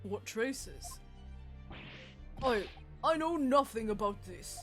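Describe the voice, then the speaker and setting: A woman reading the lines of an earnest, flustered young male lawyer in slow, careful tones, voicing game dialogue aloud. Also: a little high, lively intonation, fairly bright tone, soft background music.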